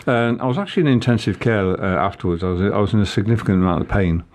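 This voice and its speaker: A man's voice: on the low side, darkish tone, slight background noise. A man telling a personal story in casual conversation, with frequent halts and restarts. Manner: halting, many restarts. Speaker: guest.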